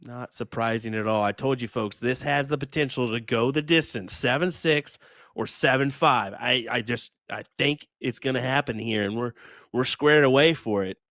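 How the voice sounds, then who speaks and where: A man's voice: mid-range voice, normal speed, fairly bright tone, no room sound, clean studio sound. A man from Kansas doing chatty live commentary on a darts match, laughing often and using folksy sayings.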